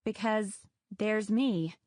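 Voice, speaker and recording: A woman's voice: mid-range voice, very slow, a little mellow, no room sound, studio quality, voice pushed up. A woman voicing an earnest young female dragon who speaks in a pleading, reassuring way, in a storybook reading.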